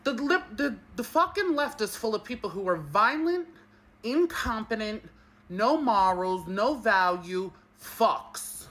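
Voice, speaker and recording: A man's voice: high-pitched, animated, slow pace, bright, forceful tone. A man ranting in outrage, swearing and repeating himself. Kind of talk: angry social media rant.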